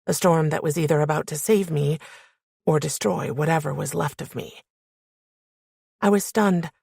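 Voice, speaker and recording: A woman with a fairly low, gravelly voice reads a first-person romance audiobook. Her telling is steady and intimate, close to the mic. The sound is dry and close. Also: no room sound. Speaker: audiobook narrator.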